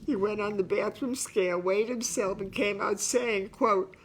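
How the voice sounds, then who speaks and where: A woman's voice: mid-range voice, steady tone. An older woman reading aloud from her memoir and talking it over, reminiscing and breaking into laughter as she goes. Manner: slow, unhurried delivery. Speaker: author reading and discussing her book. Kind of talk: book reading mixed with personal talk.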